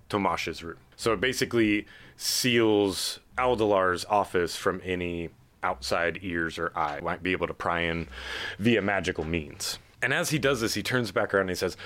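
A man acting as game master, narrating a tabletop game in a lively, chatty way. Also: low-pitched.

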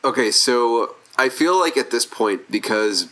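A man with a middling voice takes part in a tabletop game as a player. He works through his plans out loud, hesitating and restarting his sentences as he goes. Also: medium pitch, expressive, measured pace. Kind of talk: casual chat in a tabletop game.

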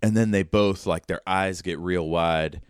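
A man's voice: deep voice, fairly even intonation, unhurried, smooth, no room sound, studio quality. A man narrating a tabletop game as game master, in a loose, chatty way full of fillers.

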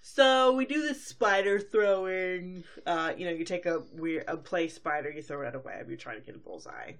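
A woman hosts a podcast and recaps a cartoon episode in casual, rambling talk. Her voice sits a little low, and she sprinkles in fillers and quick character quotes. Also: lively intonation. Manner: chatty, full of fillers, briefly acts out characters. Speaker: podcast host.

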